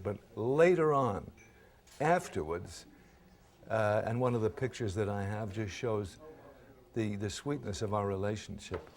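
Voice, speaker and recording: Older man telling showbiz stories. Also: fairly low pitch. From Brooklyn, New York. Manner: lively storyteller who acts out quoted lines. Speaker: actor being interviewed. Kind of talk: anecdotal storytelling interview.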